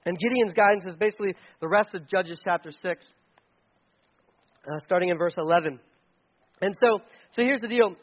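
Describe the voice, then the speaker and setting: High-voiced man preaching casually. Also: normal speed, pauses often. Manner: conversational, casual asides. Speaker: pastor. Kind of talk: sermon. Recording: dull lo-fi sound.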